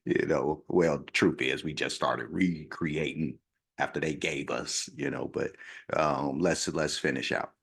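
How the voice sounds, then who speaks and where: A man hosting a comedy reaction channel, talking casually and in a relaxed, chatty way about a clip he is watching. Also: rumbling low, unhurried, creaky, breathy edge. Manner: relaxed, chatty, laughs along.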